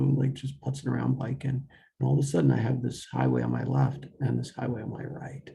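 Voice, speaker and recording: A young man recounts a personal story in a loose, rambling way, stopping often to restart his sentences. His voice is heavily gravelly, with a dark, mellow tone, and he acts out quoted dialogue as he goes. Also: medium pitch, very animated, a little fast. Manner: rambling, full of fillers and self-corrections; quotes himself and others in dialogue.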